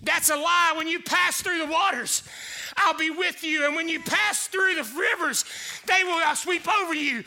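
A male pastor preaching a sermon, building to loud shouted declarations and growing out of breath. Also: very high-pitched, normal speed. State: getting out of breath.

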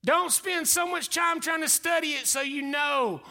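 A male pastor delivering a dynamic sermon, swinging between loud exclamations and hushed whispers. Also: extremely high pitch, unhurried, gravelly.

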